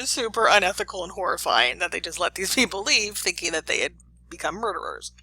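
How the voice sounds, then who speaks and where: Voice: medium pitch, animated, a little fast, pushed and bright, slight background noise, rough recording. A professor giving a casual classroom lecture, chatty and full of fillers and acted quotes.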